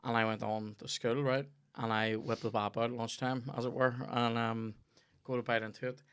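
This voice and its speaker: A Northern Irish man at mid pitch hosts a laid-back comedy podcast. He spins long, meandering anecdotes full of swearing and asides, talking to his guest like an old friend. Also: flat delivery, moderate pace, a bit bright, smooth. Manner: rambling anecdotal storyteller, sweary. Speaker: podcast host. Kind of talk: casual comedy podcast chat.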